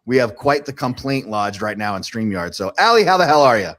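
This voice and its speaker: A man's voice: mid-range voice, a little fast. A man hosts a casual chat with a voice that rises and falls a lot. He swears freely, laughs often and steers the talk like a practised host. He speaks into a video call mic. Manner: animated, profane, laughs a lot. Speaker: podcast host, Army veteran.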